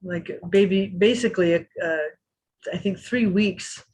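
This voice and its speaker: A woman's voice: mid-range voice, unhurried, slightly rough. A woman in her fifties, a guest on a podcast, telling an anecdote and acting out what people said. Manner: lively anecdote teller who acts out quotes. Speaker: interview guest. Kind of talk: storytelling in a podcast interview.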